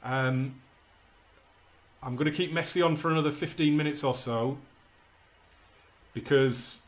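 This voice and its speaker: A man's voice: fairly high pitch, measured pace. A man doing live commentary as he plays a football management game, calling the action and fretting about results. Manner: excitable, commentates like a match caller, frets aloud. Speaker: gaming YouTuber playing a football management game.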